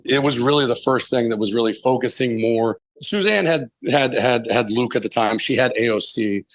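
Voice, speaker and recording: A man in his forties, a chef guest telling long candid stories, rambling and swearing freely. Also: medium pitch. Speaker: chef and restaurant owner, podcast guest. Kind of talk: casual storytelling interview.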